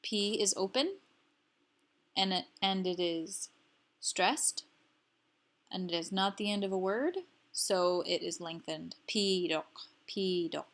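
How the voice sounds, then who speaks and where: A woman teaching a language lesson, explaining syllables slowly and repeating each example word carefully for learners. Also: mid-range voice. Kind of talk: slow instructional explanation.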